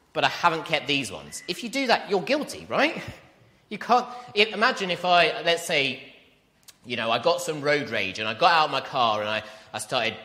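A man preaching a sermon to a congregation, emphatic and animated, often asking his listeners questions. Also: a little high, big-room sound.

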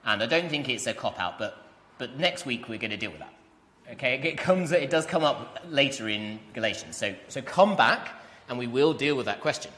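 A man preaching a sermon to a congregation, emphatic and animated, often asking his listeners questions. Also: mid-range voice, normal speed, long reverb tail.

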